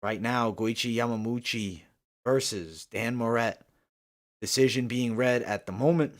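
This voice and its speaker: A man's voice: mid-range voice, unhurried. A man hosting a live fight-night stream, chatting with viewers and ranting heatedly about the judging, with lots of swearing. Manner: reads and answers viewer comments. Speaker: livestream host. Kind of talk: live fight commentary chat.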